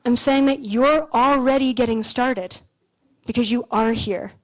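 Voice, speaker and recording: A woman in her thirties, from Canada, speaks from a stage at an expo in a slightly high voice. She tells stories in a loose, animated way, peppering them with "like" and the occasional swear word, then slows down to address the crowd directly. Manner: casual, animated storytelling with frequent "like" and mild swearing. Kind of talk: motivational stage talk with storytelling. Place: stage at a large expo hall.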